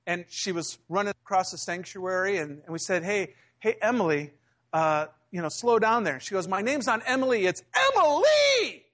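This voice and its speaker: A middle-aged male pastor with a high voice delivers a sermon in a relaxed, storytelling way. He often breaks into the voices of people from his anecdotes. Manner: conversational storytelling preacher, acting out quotes.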